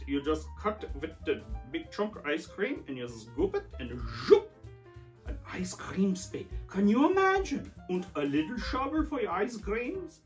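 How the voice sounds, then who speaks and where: A man plays a theatrical eccentric with a put-on German accent who fusses over strange old gadgets and scolds a doll. His pitch leaps and dives all over the place, and faint music plays underneath. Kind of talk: comic sketch character.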